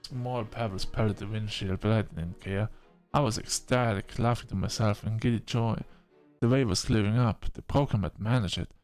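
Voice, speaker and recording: A man narrating a first-person science fiction story in an expressive manner, breaking off into short exclamations. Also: on the low side, moderate pace, soft background music.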